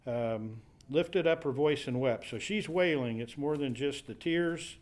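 Here a man teaching a Bible study class talks in a medium-pitched voice, a little slowly. He works through scripture out loud, paraphrasing passages and filling his thinking with restarts and filler words.

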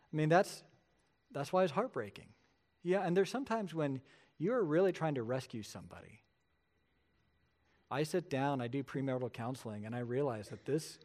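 A middle-aged pastor delivers a sermon in a somewhat high male voice. He tells stories with energy and acts out the voices he quotes. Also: a little mellow.

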